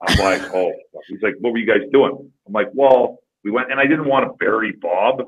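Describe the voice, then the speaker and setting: A man tells rambling, profane career stories in a casual podcast chat. His voice sits low and sounds husky. It comes through a tinny, phone-like line. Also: brisk. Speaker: podcast guest, former hockey player. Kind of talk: casual storytelling.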